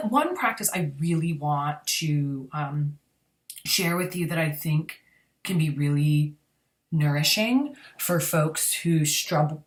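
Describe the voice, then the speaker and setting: A woman, an energy healer, giving a gentle, unhurried spiritual talk and often asking "right?". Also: lowish voice. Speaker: energy healer and channel host. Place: indoors.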